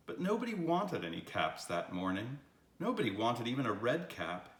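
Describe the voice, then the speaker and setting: An older man reading a children's picture book aloud with an expressive, storytelling delivery. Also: medium pitch, moderate pace. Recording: roomy echo.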